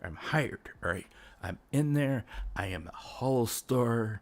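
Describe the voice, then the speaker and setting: A man's voice: mid-range voice, lively intonation, unhurried. A man streaming live commentary, stammering and repeating words as he talks. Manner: drops to a whisper for acted bits.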